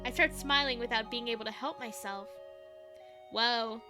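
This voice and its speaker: Over background music, a woman with a slightly high voice speaks steadily at normal speed while streaming a visual novel. She reads the game aloud and chats playfully, laughing easily.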